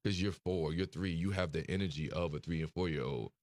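A young man speaking as an interview guest, soft-spoken and hesitant, with many fillers. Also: sits low, fairly quick, no room sound. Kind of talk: emotional interview conversation.

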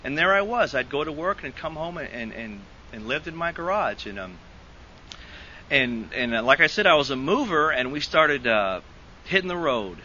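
A man's voice: on the high side, very animated, normal speed, bright, forceful tone, lo-fi sound, a little hiss or hum. A man speaking to a recovery group, telling a rambling personal story with lots of restarts and laughs. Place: meeting hall.

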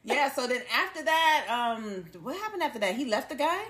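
A woman co-hosting a casual movie recap podcast, slangy and quick to laugh. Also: high voice. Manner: laughs often, slangy and animated. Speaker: podcast co-host.

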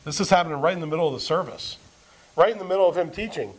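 A pastor with a high voice preaches to his congregation. He keeps asking them questions and answering them, and he reads scripture aloud with rising emphasis. The sermon is delivered at a church service. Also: very fast, poor audio.

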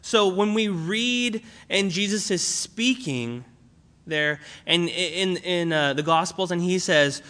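A man's voice: a little high, lively intonation, measured pace, bright, forceful tone. A young man preaching a sermon in a conversational way, with fillers and restarts as he explains a Bible passage. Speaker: pastor.

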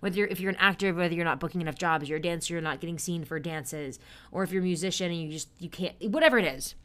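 A woman's voice: lowish voice, rapid-fire, fairly bright tone. A young woman hosting a casual solo podcast, chatty and upbeat, who loses her train of thought and pokes fun at herself. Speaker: podcast host and stage performer.

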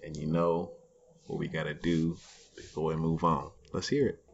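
A man's voice: rumbling low, level tone, moderate pace, vocal fry, slight background noise. A man co-hosting a podcast, telling a story in a rambling casual way with lots of ums and uhs. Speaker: podcast co-host. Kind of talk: casual chat. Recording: muffled lo-fi podcast recording.

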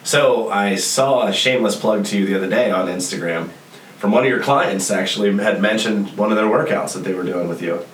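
A man's voice: fairly low pitch, fairly quick, distant mic. A man co-hosting a casual podcast chat, teasing and joking. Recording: roomy, off-mic with hiss.

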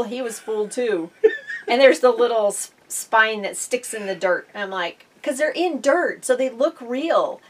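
A woman's voice: a little high, distant mic. A middle-aged woman co-hosting a casual chat podcast, telling stories in a chatty way and laughing often. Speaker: podcast co-host.

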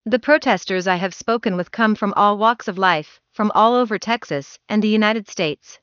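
A woman's voice: mid-range voice, moderate pace, fairly bright tone, clean tone, no echo. A woman from Canada reads a field news report in a formal, wordy manner. The recording sounds dry and a little dull, with no room around the voice.

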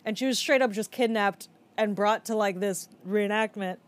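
A woman's voice: mid-range voice, normal speed. A woman co-hosting a casual podcast chat, speaking frankly and swearing freely. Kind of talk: casual chat reviewing a film.

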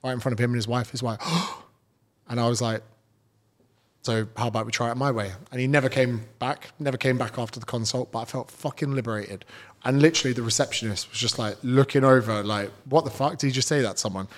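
A British fitness trainer, a man with a medium-pitched voice, guests on a casual podcast interview and tells stories bluntly, swearing freely.

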